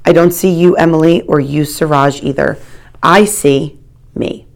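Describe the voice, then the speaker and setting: A woman's voice: deep voice, a little slow, vocal fry. A woman voicing a snooty, boastful schoolgirl rival who talks in a sneering, smug way.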